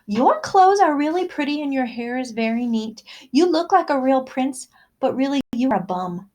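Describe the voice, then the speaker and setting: A woman voicing a bold, clever young princess in a read-aloud storybook, with bright exclaiming lines. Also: high voice, animated, moderate pace. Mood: scornful.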